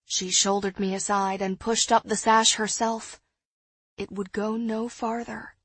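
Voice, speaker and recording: A woman narrating an audiobook in the first person, in a measured, hushed storytelling manner. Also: mid-range voice, little pitch movement, slightly rough, no echo.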